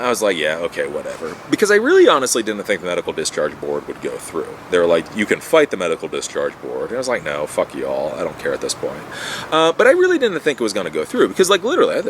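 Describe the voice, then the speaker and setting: A man's voice: low-pitched, noisy background. A man telling a personal story in a casual, rambling monologue, repeating words and swearing when annoyed. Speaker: vlogger telling his life story.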